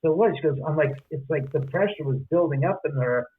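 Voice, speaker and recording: A man with a husky, somewhat high voice tells a story in a podcast interview, acting out everyone's lines with restarts and asides. He comes through a tinny, phone-like line. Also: a little fast. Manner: acts out quoted dialogue, many restarts and asides. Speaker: guest, homeowner and author.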